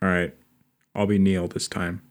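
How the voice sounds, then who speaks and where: A man's voice: low-pitched, little pitch movement, moderate pace, very noisy. A man co-hosting a casual book podcast, making wry, dry quips. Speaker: podcast co-host. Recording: roomy hall echo with music behind.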